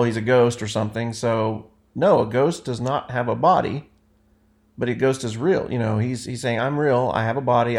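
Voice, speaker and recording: A man leading an informal Bible study, reading passages aloud and explaining them in a conversational way, often correcting himself. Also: mid-range voice. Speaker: Bible teacher.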